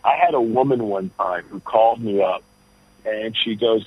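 A man's voice: on the low side, big pitch swings, normal speed, breathy edge, no room sound. A man, a comedian guest, telling rambling stories over the phone from an airport. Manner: rambling, full of restarts and storytelling. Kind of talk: phone interview chat. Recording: dull, dry phone line.

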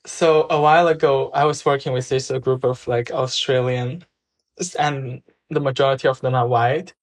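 A man's voice: medium pitch, fairly even intonation, moderate pace. A young man, a guest in a casual discussion, speaking hesitantly and searching for words. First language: Chinese. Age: young adult.

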